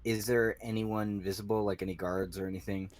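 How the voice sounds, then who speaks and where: A man's voice: lowish voice, level tone, brisk. A man playing a tabletop game, describing his character's actions hesitantly. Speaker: player. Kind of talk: casual tabletop play.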